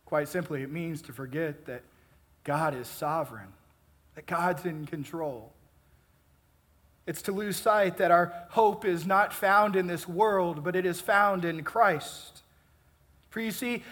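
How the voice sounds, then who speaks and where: A pastor delivering a sermon, measured and emphatic, building intensity and then easing off. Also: male voice, high-pitched, fairly bright tone. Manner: measured, emphatic preaching with rising and falling intensity.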